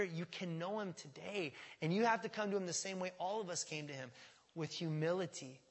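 A male pastor preaching a sermon in a church, emphatic and repetitive, swinging from quiet to loud. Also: on the high side. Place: church sanctuary. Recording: long church reverb.

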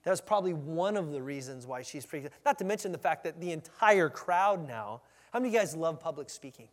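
A man's voice: on the high side, brisk. A man preaching a conversational sermon, acting out the scene as he teaches. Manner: animated, conversational, acts out the scene. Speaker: pastor. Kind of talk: expository sermon. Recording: long hall reverb.

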